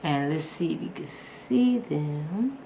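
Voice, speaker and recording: A woman with a somewhat low voice chats through a personal story for her vlog. She rambles, restarts and fills pauses, and she acts out her own past reactions as quoted asides. The room is echoey, with a faint hum of noise behind her. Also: expressive, mellow. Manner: rambling, chatty storytelling with many fillers and restarts. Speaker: vlogger.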